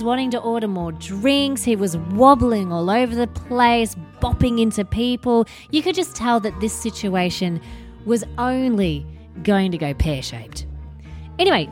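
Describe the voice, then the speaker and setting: Lively Stockholm-accented woman host. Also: on the high side. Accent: Stockholm Swedish. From Sweden. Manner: lively storytelling, chatty. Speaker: podcast host. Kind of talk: casual podcast narration.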